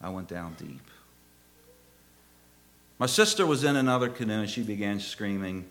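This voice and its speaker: A middle-aged male preacher telling a personal story in a sermon, swinging from hushed asides to loud exclaiming. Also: on the low side, lively intonation, normal speed, pauses often.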